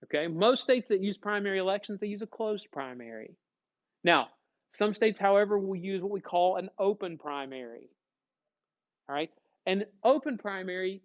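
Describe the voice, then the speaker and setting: A man teaching a classroom lecture, lively, acting out short dialogues as he explains. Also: high-pitched, moderate pace, muffled recording. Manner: animated, acts out little dialogues.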